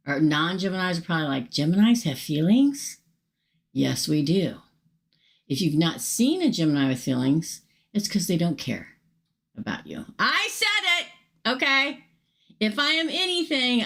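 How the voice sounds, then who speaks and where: Chatty woman with lively pitch. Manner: chatty, upfront, talks straight to viewers and reads chat aloud. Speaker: tarot reader hosting a livestream. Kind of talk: casual live tarot reading.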